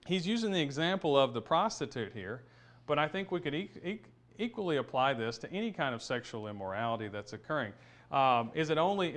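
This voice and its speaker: A man's voice: a little high, a bit bright. A man teaching a Bible study lesson, explaining a passage step by step in a conversational way, thinking aloud with restarts and fillers.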